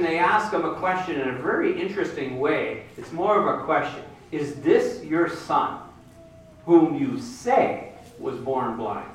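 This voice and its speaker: A man's voice: high-pitched, a bit bright. A man preaching a sermon, retelling a Bible story and acting out the characters' voices. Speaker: pastor. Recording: very echoey hall, mic at a distance.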